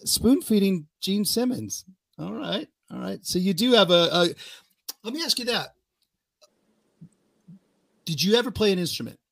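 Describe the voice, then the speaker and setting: A male podcast host with a slightly raised pitch and a gravelly, fry-laden edge. He keeps the talk loose, teasing his guest and laughing easily. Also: animated, a bit bright. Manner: joking, teasing, quick to laugh. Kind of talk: casual interview chat.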